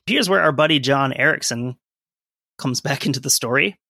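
Reading from his sources with asides along the way, this history podcast co-host explains events in a relaxed, chatty style. His bright, forceful medium-pitched voice has lively intonation and some vocal fry, at normal speed, in a close, dry recording without room sound.

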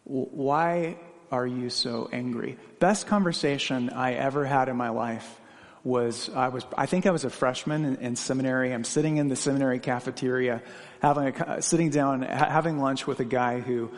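In a large hall, a pastor with a medium-pitched voice gives an earnest sermon built on questions to the congregation and personal anecdotes.

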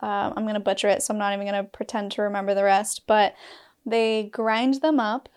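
A woman's voice: mid-range voice, flat delivery, fairly quick, darkish tone, clean tone. A woman from Utah telling a personal story in a candid vlog, breaking off with laughs and asides. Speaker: storyteller sharing a personal experience.

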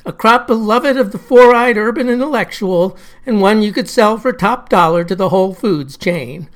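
A woman voicing an upbeat, persuasive woman politician, speaking higher and louder than her narration. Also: moderate pace, close to an everyday voice.

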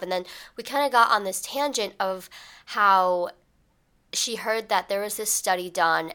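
A woman's voice: medium pitch, smooth. A young adult woman hosting a solo podcast, talking in a casual, chatty way and acting out examples. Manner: casual, chatty, animated storyteller with many fillers. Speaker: podcast host.

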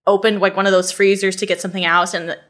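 A woman's voice: level tone, quick pace, a bit bright. A young woman co-hosting a casual podcast, telling stories in a chatty way with lots of "like" and bursts of laughter. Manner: chatty storyteller, heavy filler "like", breaks into high laughter. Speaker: podcast co-host. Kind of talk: casual chat.

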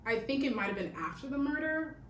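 A woman's voice: sits high, lively intonation, quick pace, a bit bright. Chatty woman telling a crime story. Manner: chatty, peppered with "like" and "okay?". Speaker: podcast host. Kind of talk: casual true-crime storytelling. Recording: echoey room, distant mic, faint hiss.

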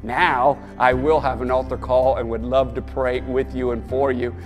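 A man's voice: mid-range voice, little pitch movement, normal speed, big-room sound, soft background music. A man preaching a sermon as pastor, rousing his listeners and urging them on with a repeated "come on.". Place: church or studio, preaching to an online audience.

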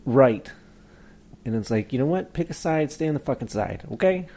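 A man with a dark, mellow voice in relaxed podcast banter. He chimes in briefly, agrees often and drops dry, crude one-liners. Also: mid-range voice, normal speed, creaky. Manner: short agreeing interjections, dry. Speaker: podcast co-host. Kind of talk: casual crude chat.

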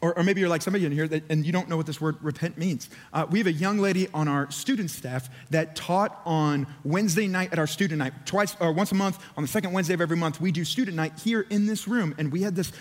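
Male pastor, fervent preaching, slightly high voice, long church-hall echo. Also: fast, few pauses. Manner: fervent, urging, repeats phrases. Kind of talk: sermon. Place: church auditorium.

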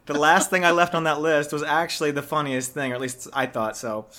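A man's voice: fairly high pitch, steady tone, brisk, sharp tone. A young man co-hosting a podcast in casual chat, joking around and swearing freely. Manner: jokey, swears freely, bursts into sung bits. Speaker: podcast co-host. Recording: noisy recording.

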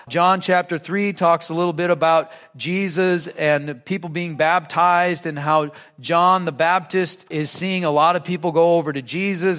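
High-voiced pastor preaching in church, earnest and emphatic, long echo tail. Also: male voice, a bit bright. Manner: earnest and emphatic, reads scripture then explains it plainly. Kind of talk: sermon. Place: church sanctuary.

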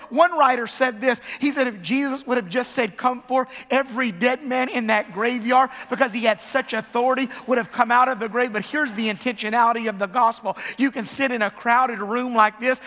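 A man preaching a sermon as pastor to a large congregation, impassioned and building to shouts. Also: very high voice. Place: large church hall. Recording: long reverb of a large hall.

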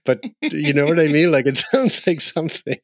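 A man's voice: a little high, expressive, moderate pace, no echo, studio quality. A man co-hosting a casual podcast, rambling and jokey, musing aloud with lots of fillers. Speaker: podcast co-host. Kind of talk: casual chat.

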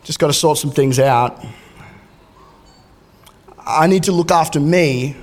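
A man's voice: a little high, slow pace. A man, preaching a sermon in a casual way with joking asides and frequent restarts. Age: 30s. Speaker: pastor.

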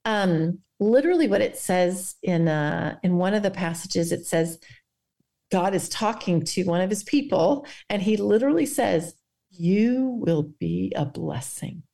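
A woman guest on a faith podcast, speaking earnestly and guiding listeners through a quiet reflection. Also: medium pitch, expressive, moderate pace, vocal fry.

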